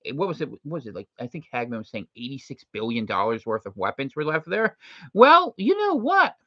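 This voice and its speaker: Guy hosting a casual talk show, jokey and animated, voice jumps around a lot, dry, kinda lo-fi. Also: mid-range voice, no room sound. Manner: animated, jokey, slips into quick impressions. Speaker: host. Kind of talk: casual unscripted commentary. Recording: dry, slightly muffled lo-fi recording.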